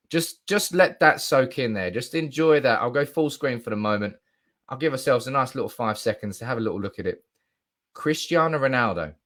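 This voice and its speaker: A young man hosting a live stream, animated and swearing freely while reading out comments from the chat. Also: lowish voice.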